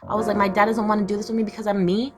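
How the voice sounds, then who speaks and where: A woman's voice: mid-range voice, racing. A young woman telling her own painful life story in a raw, blunt, confessional way. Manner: emotional, blunt, swearing, swings between raw and flat. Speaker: vlogger. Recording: music playing behind the voice.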